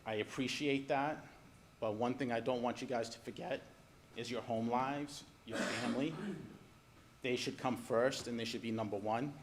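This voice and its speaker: A man's voice: medium pitch, fairly even intonation, moderate pace. A man, giving firm, advising public comment at a city council meeting, with faint room noise. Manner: firm, advising, then softly caring. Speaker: resident speaking at public comment.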